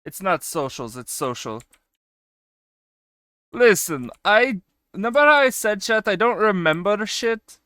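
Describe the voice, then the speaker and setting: A man streaming and chatting casually with his viewers. He swings between loud excited bursts and quieter asides, and he swears casually. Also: sits high, a little slow, long pauses, clean tone, no echo, studio quality. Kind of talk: casual chat with a live stream chat.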